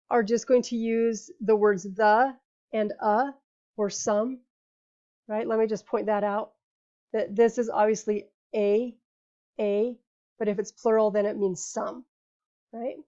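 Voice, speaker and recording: A woman's voice: on the high side, fairly even intonation, slow pace, long pauses, mellow, dull audio. A woman teaching a Spanish grammar lesson in English, patient and explanatory, often checking in with "okay?" and "right?".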